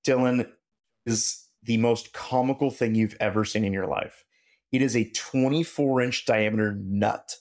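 A man, a podcast guest and machinist, telling stories in casual conversation and acting out quoted dialogue with lively shifts in his voice. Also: on the low side, measured pace. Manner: animated, acts out quoted dialogue. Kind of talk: casual storytelling interview.

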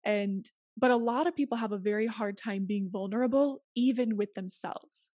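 A woman's voice: mid-range voice, moderate pace, darkish tone, no room sound, studio quality. A woman speaking as an interview guest, earnest and emphatic as she gives advice in casual conversation. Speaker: podcast guest.

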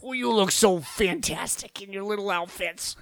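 A fussy older cartoon toad lady, as a man puts her on, gushing over everyone in a bright, high voice. She fawns the whole way through. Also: normal speed, creaky, dry recording, studio quality. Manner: gushing, doting hostess tone.

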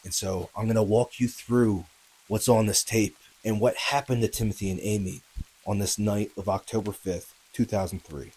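Male podcast host, husky tone, casual true-story narrator who talks right to his audience. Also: fairly low pitch, steady tone, moderate pace, rough recording. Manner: conversational, addresses listeners, many fillers and tag questions; grows louder and more urgent at tense moments.

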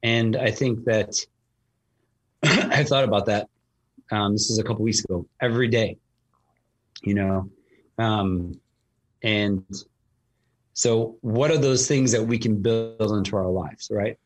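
A man with a low, husky voice, chatting casually as a host. He rambles through his story, full of ums and restarts. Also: slow, long pauses. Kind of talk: casual conversation.

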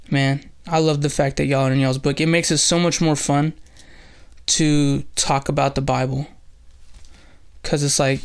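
A man's voice: medium pitch, little pitch movement, moderate pace, clean tone. A man hosting a bible study, teaching earnestly through scripture as a preacher. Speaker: pastor and host.

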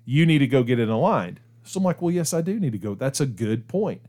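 A man's voice: medium pitch, very animated, brisk, mellow. A middle-aged man hosting a radio show, telling a story in casual chat and laughing as he goes. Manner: chatty, laughs through his stories.

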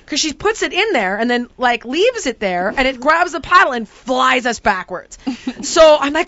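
A woman's voice: sits high, very animated, measured pace, pushed and bright. A woman telling a comic story in a dramatic way, laughing and shrieking when she quotes herself. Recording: dull lo-fi audio with background noise.

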